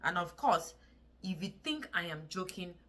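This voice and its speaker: A woman with a Nigerian English accent talks casually to camera in a vlog. Her voice sits a little low but sounds bright and forceful. She speaks earnestly and pleads with her viewers, often repeating words for emphasis. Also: lively intonation, moderate pace. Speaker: vlogger.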